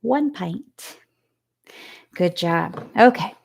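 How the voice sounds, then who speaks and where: A woman's voice: fairly low pitch, animated, very slow, vocal fry, a little mellow. A woman teacher giving a remote lesson to young children, patiently sounding out letters and words. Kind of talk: remote phonics and math lesson.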